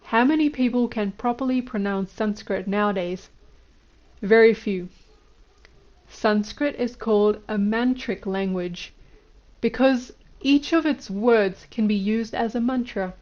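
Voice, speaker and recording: A woman's voice: a little high, a little slow, a little mellow, dull audio, natural voice. A woman reading the lines of an elderly male guru, lecturing in an instructive way. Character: elderly male Indian guru, stern teacher.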